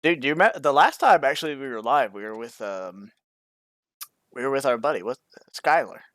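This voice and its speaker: A young American man co-hosting a podcast in loose, joking chat, with a bouncy, expressive pitch that swings up and down. His voice is dry and close, with no room echo. He swears freely and riffs on crude jokes. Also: normal speed. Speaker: podcast co-host. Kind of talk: casual live-stream chat. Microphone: stream microphone.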